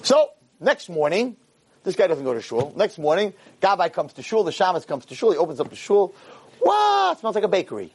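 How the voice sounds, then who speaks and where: A man telling a story in a lecture, animated and acting out the characters' voices. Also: high voice, a little fast, breathy edge.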